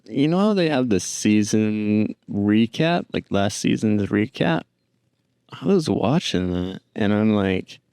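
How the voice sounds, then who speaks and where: A man's voice: on the low side, a little mellow, clean tone, dry recording. A man hosting a podcast, rambling dryly on his own and talking to his pet. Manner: rambling, dry, talks to a pet. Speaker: podcast host. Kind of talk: casual solo chat.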